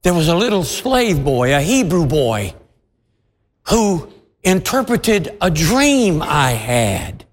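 A man's voice: on the high side, very animated, takes it slowly, exaggerated voice. A man voicing a nervous male royal servant who stammers and grovels before a king. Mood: groveling. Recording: long hall reverb.

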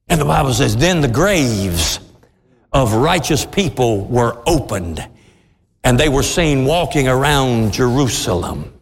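Preacher guy, slow and drawn out, voice swinging all over, big echoey hall with people answering. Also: mid-range voice, lively intonation. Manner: preaching with sudden rising shouts. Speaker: pastor. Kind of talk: sermon. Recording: echoey hall with crowd responses. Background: congregation calling out responses.

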